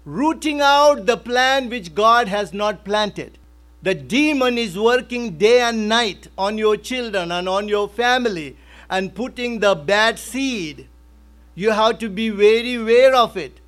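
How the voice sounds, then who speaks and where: High-voiced man preaching a sermon. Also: fairly bright tone. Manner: emphatic, repeats key phrases. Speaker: pastor.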